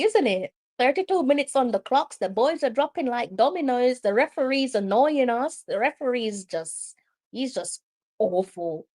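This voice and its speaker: Jamaican woman, fairly high voice, live match watch-along host, excitable, exasperated, patois slips. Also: normal speed.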